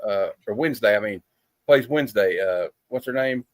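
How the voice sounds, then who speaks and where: A man's voice: lowish voice, normal speed, dry recording. A man in a casual comic club chat on a video call, chatty and acting out lines as he retells a comedy sketch. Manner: chatty, acts out quoted lines.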